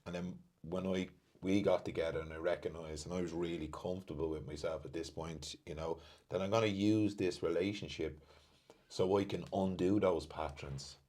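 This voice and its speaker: Man, very low voice, earnest and reflective, casual podcast chat. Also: steady tone, normal speed, darkish tone. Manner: earnest, reflective, speaks openly about his own patterns. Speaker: podcast host.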